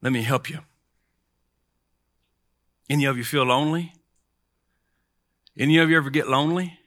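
A man's voice: mid-range voice, normal speed, a bit bright, no room sound, clean studio sound. A middle-aged man preaching a sermon in a conversational way, leading the congregation in call-and-response.

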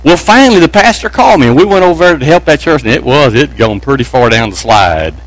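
A man's voice: lively intonation, fast talker, dry recording, rough recording. A man from Texas, preaching a sermon with emphatic, rising delivery. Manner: emphatic, pitch climbing on key phrases. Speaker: pastor.

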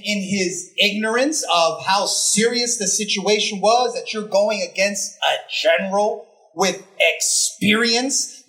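Animated preacher telling a story. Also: mid-range voice. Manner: animated storytelling with rhetorical questions; emphatic, repeats phrases for effect. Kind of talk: conversational sermon.

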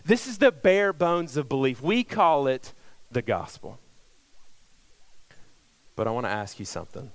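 A middle-aged male pastor preaching a sermon, telling a personal story conversationally and swinging between loud emphasis and hushed, near-whispered lines. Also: mid-range voice, big pitch swings, moderate pace, long pauses.

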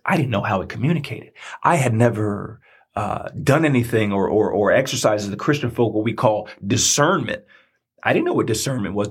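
Husky guy preaching his life story, gets loud then quiet, normal pitch. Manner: animated, swings between hushed and excited.

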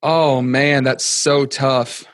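In his thirties, this podcast guest tells stories during a casual chat, excitable and rambling with plenty of fillers. His voice is medium in pitch and his delivery extremely slow.

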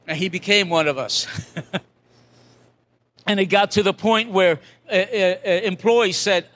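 A man's voice: sits high, slow, pauses often, a bit bright. An older man, a pastor, preaching a sermon as a conversational testimony, with restarts and acted-out quotes.

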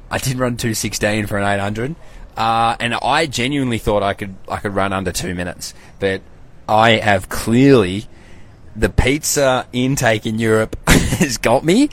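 Laid-back Australian man, rambling recap. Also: fairly low pitch. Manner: loose, rambling, slangy, swears freely. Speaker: podcast host. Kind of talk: casual solo recap podcast.

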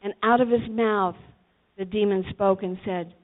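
A woman's voice: mid-range voice, steady tone, measured pace. A woman preaching a sermon to teenagers, telling the story dramatically and acting out the voices. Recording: tinny phone-like recording.

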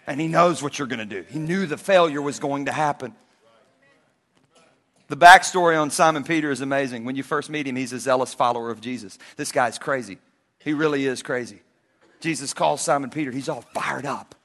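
A man preaching a sermon as a pastor, telling stories in a lively way and acting out the characters. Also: medium pitch, a little fast. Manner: animated storytelling preacher who acts out the characters. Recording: reverberant hall.

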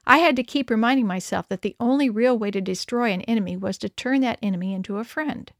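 A woman's voice: fairly high pitch, fast talker, dry recording, clean studio sound. A woman narrating a children's story, reading expressively. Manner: expressive, lively dialogue. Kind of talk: storybook read-aloud.

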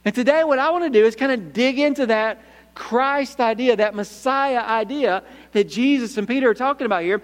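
High-pitched guy pastor giving a sermon, emphatic, asks for amens, echoey church hall. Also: brisk. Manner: emphatic, calls out for "Amen?", swings between punchy lines and hushed low asides.

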